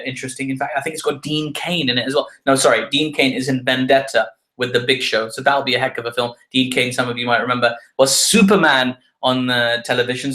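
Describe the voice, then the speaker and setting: A man's voice: medium pitch, a bit bright, poor audio. A man hosting a solo podcast, talking in a chatty, wry way and correcting himself as he goes. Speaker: podcast host.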